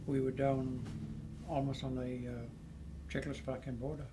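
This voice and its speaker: A man in his eighties recounting old memories to family at home, lively and chuckling as he tells it. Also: medium pitch, measured pace, noisy background. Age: 80s. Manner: lively storyteller who chuckles often. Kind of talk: casual storytelling.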